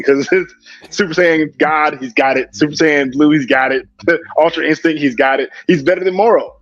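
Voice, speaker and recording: A man's voice: on the high side, no echo. A man co-hosting a casual chat, skeptical and profane, laughing often. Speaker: co-host. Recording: dull lo-fi mic, dry.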